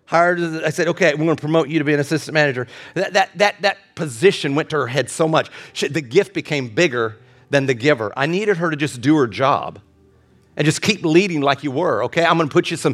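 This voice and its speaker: A man's voice: a little high, fairly bright tone. A pastor preaching a sermon in a church service, emphatic and repetitive, with his intensity building as he goes. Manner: emphatic preaching with repeated phrases and rising intensity.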